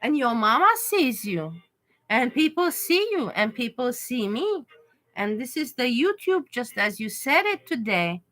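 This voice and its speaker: A woman's voice: on the high side, big pitch swings, a little slow, bright, forceful tone. A woman, hosting a casual livestream and talking to her viewers, pleading and reasoning with one of them. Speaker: livestream host.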